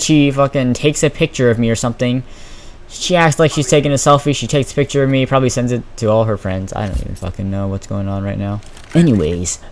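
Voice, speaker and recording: A teenage boy vents about his school day in a casual vlog, swearing freely and sounding exasperated. His delivery is animated, with a mid-pitched voice. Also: a little hiss or hum. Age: teens. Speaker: vlogger.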